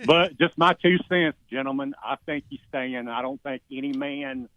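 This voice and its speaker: A man's voice: medium pitch, fairly even intonation, normal speed, fairly bright tone, no room sound. A man calling in to a sports talk show, giving folksy, emphatic opinions. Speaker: caller. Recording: tinny phone line.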